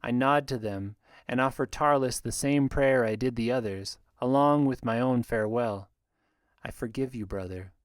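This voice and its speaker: Measured male audiobook narrator, dry sound. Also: medium pitch, clear, resonant tone, no echo. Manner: measured storytelling, voicing characters lightly. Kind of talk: scripted fantasy audiobook narration.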